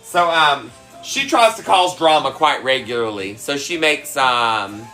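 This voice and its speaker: Soft music plays behind this low-quality recording of a mid-range, sharp-toned, animated voice that takes its time. The speaker is a Southern-accented man from South Carolina hosting a laid-back cooking stream, drawling sassy, playful hellos to viewers and humming small sound effects.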